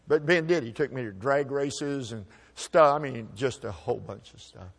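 Man, folksy storyteller, middle pitch, halting, repeats words, speaking at a microphone. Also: creaky, husky. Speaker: speaker telling a personal story. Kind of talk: personal storytelling to an audience.

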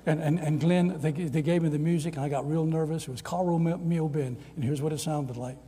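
Husky and on the high side, this older preacher speaks fairly quickly as he tells stories from the pulpit. He gives each quoted character a voice, and a large hall's long reverb surrounds him.

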